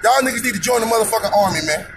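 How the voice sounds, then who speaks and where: A man's voice: high voice, expressive, very fast, background noise. A man ranting in a heated, profane monologue, hammering points with repetition and rhetorical questions. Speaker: podcast host. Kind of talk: personal opinion monologue.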